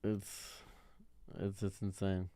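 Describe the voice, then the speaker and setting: Speaking slowly and in a monotone, a Detroit streamer in his thirties delivers a warm, low-voiced monologue of casual commentary. He talks off the cuff, rambling and repeating himself, and sounds baffled and exasperated. The recording is dry.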